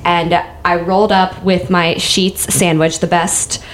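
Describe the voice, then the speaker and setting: A woman in her twenties talks casually with a friend, her voice sitting slightly low for a woman. She spins personal stories and jumps into a higher voice when quoting others. Faint background noise hums under the recording. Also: little pitch movement, a little slow. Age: 20s. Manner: chatty storyteller, acts out quotes in a high voice. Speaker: co-host. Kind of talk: casual chat.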